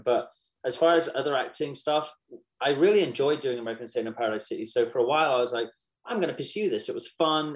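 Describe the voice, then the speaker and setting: A man in his thirties, a podcast guest, chatting casually and telling animated stories with quoted asides. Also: medium pitch, rough recording. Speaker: podcast guest, musician and actor. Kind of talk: casual chat.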